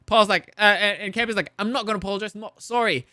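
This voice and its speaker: A man hosting a review show, recapping a TV episode in a rambling, animated way, acting out characters with laughs and swearing. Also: high-pitched, quick pace, no room sound, studio quality.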